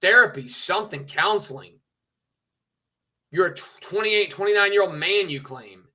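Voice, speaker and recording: A man's voice: sits high, animated, moderate pace, pushed and bright. A man streaming, ranting with petty indignation, swearing and mocking others. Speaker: streamer reacting to clips. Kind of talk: ranting commentary.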